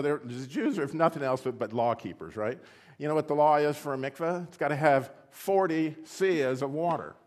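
A man preaching a sermon, animated and building to excited exclamations as he puts rhetorical questions to his listeners. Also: medium pitch. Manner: asks the audience rhetorical questions.

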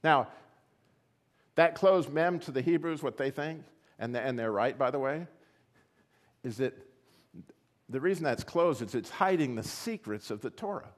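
A man preaching a sermon, animated and building to excited exclamations as he puts rhetorical questions to his listeners. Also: medium pitch, a little slow, pauses often. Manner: asks the audience rhetorical questions.

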